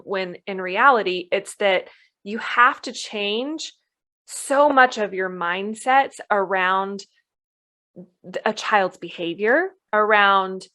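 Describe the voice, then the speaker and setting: A woman's voice: medium pitch, a bit bright. A woman co-hosting a podcast about parenting, talking casually and acting out parents' voices now and then. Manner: chatty, slips into playful voices when quoting parents. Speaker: podcast co-host.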